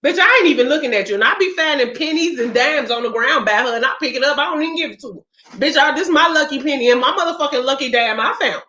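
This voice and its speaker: High bright woman, blunt profane rant. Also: fast. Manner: blunt, profane, animated ranting. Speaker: spiritual practitioner vlogger. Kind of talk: casual livestream chat. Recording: roomy, dull lo-fi sound.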